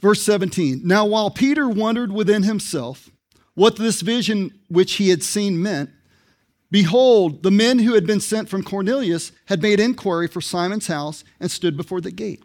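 A man's voice: high-pitched, normal speed, darkish tone. A man preaching a sermon as pastor, in a conversational way, reading scripture and asking the congregation questions.

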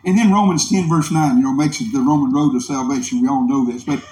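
A man's voice: mid-range voice, lively intonation, brisk, few pauses, darkish tone. A man preaching a revival sermon in a church, impassioned, with a rising and falling preaching cadence. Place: church meeting room. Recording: echoey room.

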